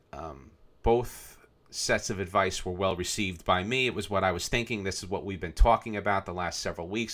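A man's voice: sits low, bright, forceful tone. A man co-hosting a podcast, chatting casually and reading out news headlines with frequent fillers. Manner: conversational, reads headlines aloud, frequent fillers. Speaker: podcast co-host.

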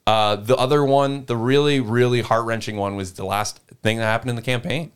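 A man who runs tabletop games, telling stories from his campaigns in an animated, profane way during a casual chat. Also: medium pitch, fairly quick, clean tone. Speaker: game master.

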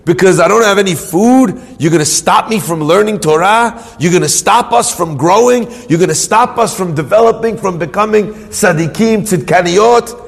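A man's voice: high voice, normal speed, creaky, hardly any pauses. A man voicing a poor, saintly rabbi who declares fervently and defiantly, recorded in a reverberant hall.

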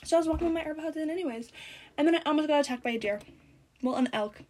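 Teenage girl vlogger with a high voice, chatty and sarcastic, telling stories while chewing gum. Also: racing. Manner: rambling, sarcastic, animated storytelling. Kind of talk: casual chat.

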